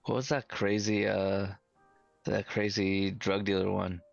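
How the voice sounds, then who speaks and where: An easygoing man in casual chat, quick to laugh. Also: lowish voice, flat delivery, gravelly, dry recording. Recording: dry lo-fi audio with faint music.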